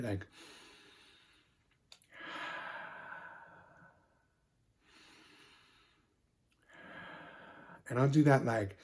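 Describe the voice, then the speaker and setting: A man's voice: mid-range voice, dark tone. A man playing a bubbly, sweet-natured young woman who talks with constant 'like' fillers while telling a comedic story. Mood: soothing. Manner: ditzy, filler-heavy 'like' talk.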